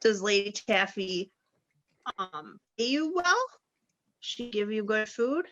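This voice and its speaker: A cheeky, nosy little girl, as a woman plays her who wheedles with prying questions. The voice is bright, on a dull lo-fi recording. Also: mid-range voice, big pitch swings, slow.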